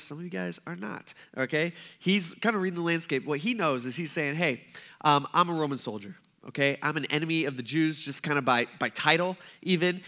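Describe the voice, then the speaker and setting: A man's voice: fairly high pitch, pushed and bright. A young adult man preaching a sermon in a casual, conversational way, often asking the audience questions and acting out the characters' words. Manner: conversational, acts out the characters' lines; asks the audience rhetorical questions. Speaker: pastor.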